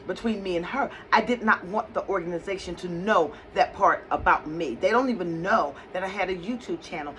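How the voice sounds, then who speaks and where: A woman working as a psychic medium, telling a personal story in a conversational, animated way. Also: on the low side, slight background noise, poor audio. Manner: conversational, animated retelling with acted quotes.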